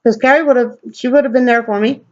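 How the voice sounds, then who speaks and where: A woman telling a story to a camera at home, blunt and profane, acting out quoted lines in a higher voice. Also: steady tone, quick pace, highs cut off. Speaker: vlogger. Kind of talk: casual storytelling rant.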